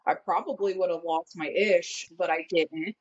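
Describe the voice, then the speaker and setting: A woman with a lowish voice tells a long story in casual podcast chat. She is animated and acts out what people said. The sound is dull and lo-fi. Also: normal speed. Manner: animated, acts out quotes while telling a story. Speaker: guest friend.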